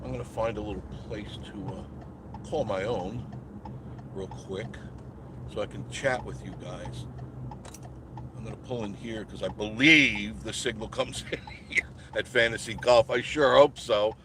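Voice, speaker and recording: A man's voice: on the low side, a little slow, long pauses. Folksy man chatting live from his car. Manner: rambling, folksy, chatting with viewers. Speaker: channel host. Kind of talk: live-streamed driving chat. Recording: live stream with noisy car background. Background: car and road noise.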